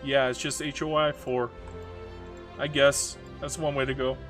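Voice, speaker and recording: Bright-voiced man rambling on a live stream. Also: mid-range voice, little pitch movement, measured pace, faint music behind. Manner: rambling, self-mocking, reads chat aloud. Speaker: game streamer. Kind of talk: casual live-stream commentary.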